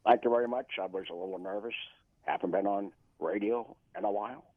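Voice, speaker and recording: A man doing a gruff old ex-president on a phone line. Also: on the low side, fairly quick, no echo, lightly acted. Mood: reminiscing. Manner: rambling, mumbling, with a wistful boast. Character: elderly former US president, gruff, self-justifying. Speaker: impressionist caller. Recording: phone-like, narrow telephone line.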